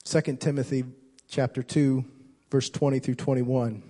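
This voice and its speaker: A man preaching a sermon as pastor, impassioned, repeating and restarting phrases and swinging between loud and soft. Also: medium pitch, flat delivery, moderate pace.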